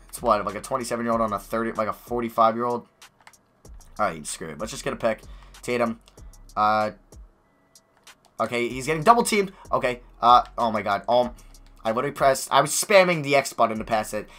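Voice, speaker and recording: A young man giving live commentary on a basketball video game, excitable, swinging from quiet muttering to loud yells. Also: mid-range voice. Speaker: gaming YouTuber.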